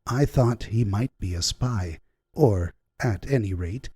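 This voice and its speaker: Slow, husky male audiobook reader. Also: fairly low pitch, darkish tone, no echo. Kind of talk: scripted audiobook narration.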